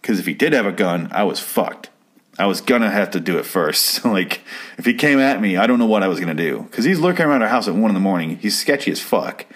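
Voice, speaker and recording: A man with a fairly low voice tells a personal story in a loose, casual way. He wanders off on side tangents and swears freely as he talks. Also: lively intonation, fast, fairly bright tone. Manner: rambling, profane, digressive.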